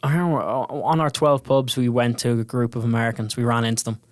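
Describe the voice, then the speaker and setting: Irish guest, twenties, posh South Dublin lilt, mid-pitched, chatty and full of restarts. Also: male voice, steady tone, fast, dry recording. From Ireland. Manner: rambling storyteller with many restarts. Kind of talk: casual chat.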